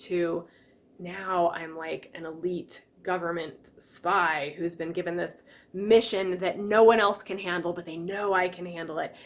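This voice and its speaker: A woman coaching stress relief in a lively teaching manner, acting out little quoted reactions as she explains. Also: fairly low pitch, slow. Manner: lively, acts out quotes with exclamations. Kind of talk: teaching an online class.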